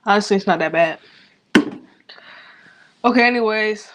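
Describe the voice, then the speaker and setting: A woman's voice: mid-range voice, steady tone, moderate pace, background noise. A grieving woman, rambling loosely and cursing freely in a personal vlog. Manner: rambling, profane, loose and unfiltered. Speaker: vlogger.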